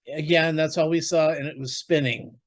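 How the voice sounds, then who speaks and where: A man's voice: a little high, steady tone, normal speed. Dry, teasing male podcast co-host. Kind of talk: casual chat.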